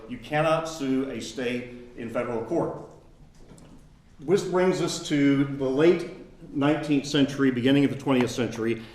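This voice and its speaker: A man's voice: medium pitch, echoey room, a little hiss or hum. A man in his fifties giving a conversational law school lecture, telling stories between points. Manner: conversational storytelling, animated. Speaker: guest lecturer. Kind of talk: classroom lecture with anecdotes.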